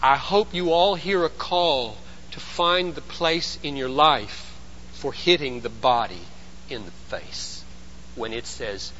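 A man preaching a sermon as pastor, emphatic, swinging between loud urgency and hushed intensity. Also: mid-range voice, slow, muffled recording, slight background noise.

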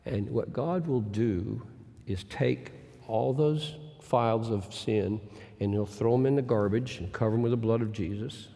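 A male pastor preaching a sermon, moving from booming, drawn-out emphasis to hushed, near-whispered lines. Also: gravelly. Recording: long hall reverb.

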